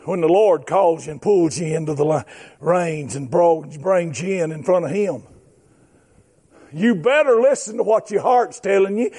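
A man preaching a fervent sermon, shouting and drawing out his emphatic phrases. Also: on the high side, normal speed, husky.

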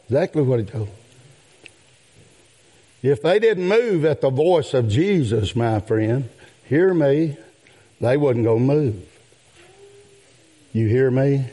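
A man preaching a sermon in a drawn-out cadence that rises into outbursts. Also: mid-range voice, expressive, dark tone. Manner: calls out "my friend" and "yes, sir".

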